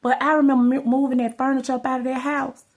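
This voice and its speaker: A vlogger with a high, level, somewhat dark voice talks quickly as she tells her story to the camera in a loose, rambling, unscripted way. She keeps addressing her viewers with "y'all" and "you know what I'm saying."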